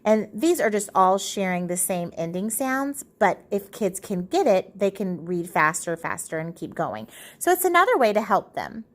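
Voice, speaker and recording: Woman teacher walking parents through phonics, steady explainer voice, sounds stuff out slow. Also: medium pitch. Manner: explanatory, sounds out letters slowly.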